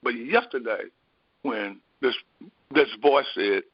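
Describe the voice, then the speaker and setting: A man in the role of a spiritual teacher, telling a personal story in an unhurried, meandering way, often pausing on fillers. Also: medium pitch, dry recording. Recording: dry, dull lo-fi recording.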